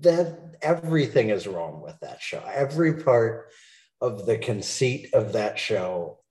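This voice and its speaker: Male podcast co-host, lowish voice, sarcastic quips, laughs often. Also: lively intonation, a little slow. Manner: sarcastic, laughing, jumps to loud highs. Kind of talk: casual chat.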